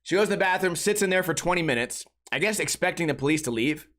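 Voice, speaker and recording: A man hosting a podcast, telling a story in a casual, animated, incredulous way. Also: fairly high pitch. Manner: animated, incredulous, quick restarts. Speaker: podcast host.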